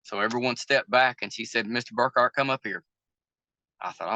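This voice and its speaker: A man's voice: medium pitch, normal speed, long pauses, bright, forceful tone, no room sound. Older man, Southern American accent, folksy storyteller, acts out quoted dialogue, dry close sound. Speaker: river boat captain, interview guest. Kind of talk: candid storytelling interview.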